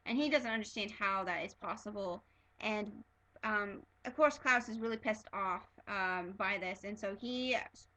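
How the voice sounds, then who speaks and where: A woman excitedly reviewing a TV episode in a casual fan vlog, gushing and stumbling over fillers and restarts. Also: medium pitch, a little slow, low-quality recording.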